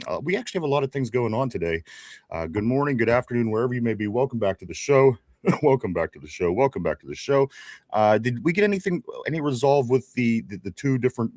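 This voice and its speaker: A man's voice: mid-range voice, a little mellow, dry recording, clean studio sound. A man in his forties co-hosting a casual sports talk show with a Pittsburgh accent, rambling, repeating his greetings and laughing often. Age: 40s. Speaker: podcast co-host.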